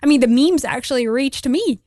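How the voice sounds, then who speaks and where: A woman's voice: high-pitched, expressive, fairly quick, warm tone, no room sound, clean studio sound. A woman hosting an interview, chatty, often seeking agreement with tag questions. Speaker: host. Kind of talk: casual interview talk.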